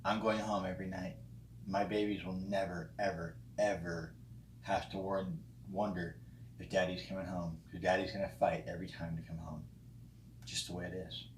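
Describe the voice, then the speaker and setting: A man with a fairly low voice talks through his opinions bluntly, swearing freely and pausing often on ums. The room around him is echoey. A faint hum of noise sits underneath. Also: level tone. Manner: blunt and profane, with frequent ums and restarts. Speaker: vlogger responding to a friend's video. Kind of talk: casual opinionated monologue. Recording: roomy echo with faint background noise.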